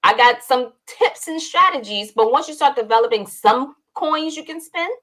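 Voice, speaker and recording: A woman from New York, a guest on an online chat, giving quick, short answers. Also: high voice, lively intonation, a bit bright. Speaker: guest, digital design business owner. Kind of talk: casual chat. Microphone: online video call.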